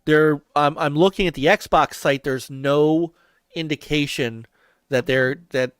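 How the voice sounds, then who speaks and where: A man's voice: fairly high pitch, a little slow, a bit bright, smooth, no room sound. A man hosting a video game podcast in casual chat, talking in a loose, chatty way with restarts. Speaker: podcast host.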